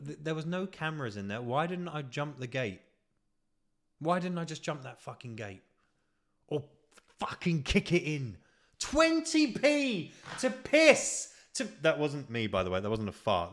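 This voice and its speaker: A man with a British accent, hosting a podcast and delivering a sweary, exasperated, self-mocking comedic rant. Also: fairly low pitch. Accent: British English. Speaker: podcast host. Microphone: podcast microphone.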